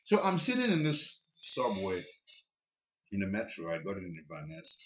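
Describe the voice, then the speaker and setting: A man who is a podcast guest, telling a personal story in a casual, animated way and often repeating words, recorded in a basement. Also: low voice, normal speed, slight background noise.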